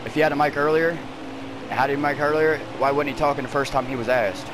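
A man with a slightly high voice races online with friends over a headset at home, ranting, cursing and trash-talking heatedly at his teammates. He speaks briskly in a fairly even tone against a noisy background.

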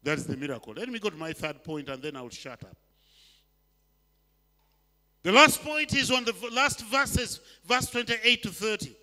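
In a church hall, an older Ugandan man delivers a sermon in a high, strikingly bright voice with lively intonation. He alternates between loud, urgent appeals and quiet, slow lines, and a long reverb follows each phrase.

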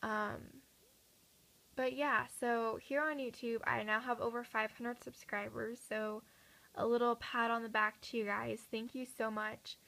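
A teenage girl vlogging at home at night, chatty and earnest, her voice a little raspy from talking a lot. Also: on the high side, little pitch movement, measured pace, sharp tone, poor audio. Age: teens. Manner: chatty, earnest, many fillers and restarts. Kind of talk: casual chat to camera.

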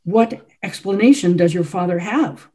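Brief: an ailing, intense male composer, read by a woman, slow weighted speech, mellow tone. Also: lowish voice, lightly acted.

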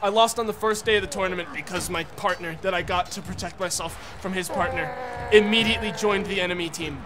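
A man streaming a video game, ranting and swearing in exasperation and often breaking into shouts. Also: high-pitched, brisk, background noise. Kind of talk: live gameplay commentary.

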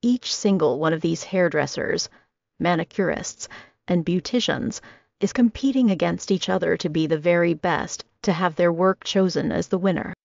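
A woman in her twenties narrating a first-person audiobook with steady, even storytelling. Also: fairly low pitch, moderate pace, vocal fry, dry recording. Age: 20s. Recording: dry, slightly dull audio.

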